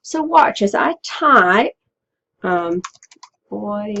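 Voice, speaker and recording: A woman teacher walking students through a software tutorial step by step, patiently checking in with them as she goes. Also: mid-range voice, expressive, extremely slow, highs cut off, a little hiss or hum. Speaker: Spanish teacher. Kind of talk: screen-recorded software tutorial.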